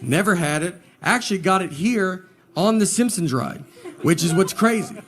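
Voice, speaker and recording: A man, telling stand-up stories in a drawling, deadpan way before a laughing audience. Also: high voice, normal speed. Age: 40s. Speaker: stand-up comedian. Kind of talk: stand-up comedy set. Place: live venue with laughing audience.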